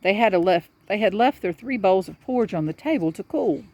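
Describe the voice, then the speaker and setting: A woman reading a children's storybook aloud to a young child in a lively storyteller's manner. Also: medium pitch, brisk, dry recording.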